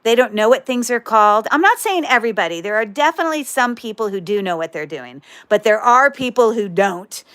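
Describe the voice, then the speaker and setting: A woman's voice: on the high side, animated, brisk, hardly any pauses, fairly bright tone, clear, resonant tone. A woman hosting a livestream jewelry sale, chatting casually with viewers in a rambling way, breaking off mid-sentence and dropping corny puns.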